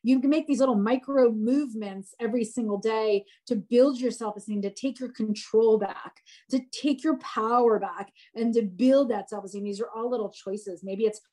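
A woman in her forties talking in a casual podcast chat, animated and rambling with frequent restarts. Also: fairly high pitch, moderate pace, few pauses. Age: 40s. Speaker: podcast guest.

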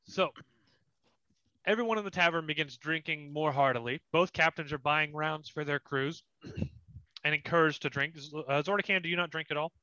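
A man running a tabletop game as dungeon master, describing scenes with pauses and fillers. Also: fairly high pitch, sharp tone, smooth, no room sound. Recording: slightly muffled dry recording.

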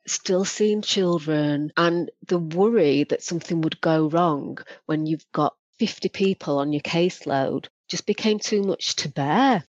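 Her voice lowish, this woman is a podcast guest and former probation practitioner who shares frank stories from her job, animatedly performing the voices of those she quotes. The recording is dry, dull and lo-fi.

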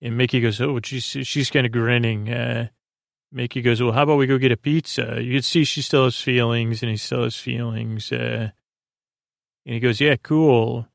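A podcast host casually recaps a plot, retelling the story in a rambling way full of filler words and "he goes, she goes." His mid-range voice has vocal fry, fairly even intonation and normal speed, in a dry, clean studio recording.

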